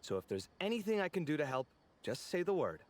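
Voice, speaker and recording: An actor voicing an expressive, easily indignant young architect in a game, full of quick banter. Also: male voice, fairly high pitch. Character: dramatic, sociable young male architect. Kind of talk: game voice acting.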